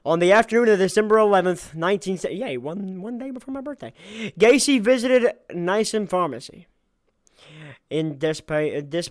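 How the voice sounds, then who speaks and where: A man's voice: high voice, lively intonation, normal speed, no room sound. A man co-hosting a casual true-crime podcast, reading case notes aloud, tripping over names and swearing casually.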